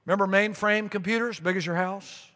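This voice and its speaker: A middle-aged man preaching a sermon as pastor, telling a long story with repeated phrases and lively asides. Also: high-pitched, a little fast. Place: church sanctuary. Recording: long reverb of a large sanctuary.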